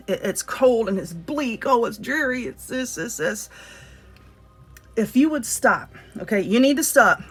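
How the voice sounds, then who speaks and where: A woman's voice: medium pitch, a bit bright. A woman with a Southern US accent giving a casual spoken card reading, talking earnestly and directly to the viewer. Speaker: tarot reader.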